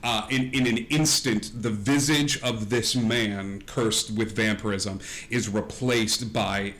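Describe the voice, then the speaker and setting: A man's voice: lowish voice, steady tone, slow pace, a bit bright. A man narrating a tabletop game as game master, meandering along with many fillers.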